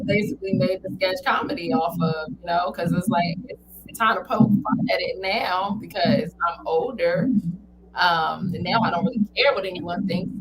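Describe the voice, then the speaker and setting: A woman's voice: on the low side, slight background noise, rough recording. A woman guest on a talk show, a comedian chatting informally and laughing often. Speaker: guest, comedian and entertainment founder. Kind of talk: casual interview chat.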